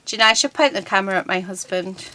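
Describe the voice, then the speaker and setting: A woman's voice: mid-range voice, quick pace, sharp tone, low-quality recording. A middle-aged woman chats casually while she crafts at her desk at home. She rambles and fills her talk with ums. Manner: chatty, rambling, many ums. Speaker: crafting channel host.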